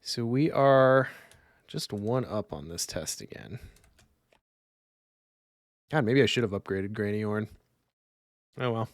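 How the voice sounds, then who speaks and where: A man's voice: lowish voice, slow pace, pauses often, no room sound, clean studio sound. A man streaming a solo card game, reading rules under his breath and chatting with viewers. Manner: mutters rules half to himself, chats with viewers. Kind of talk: casual live-stream commentary.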